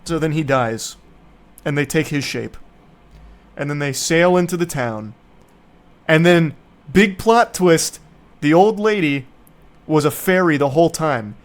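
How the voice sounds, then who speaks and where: Speaking unhurriedly and pausing often, an American streamer with a higher-leaning voice delivers a casual movie review rant. He's sarcastic and profane throughout.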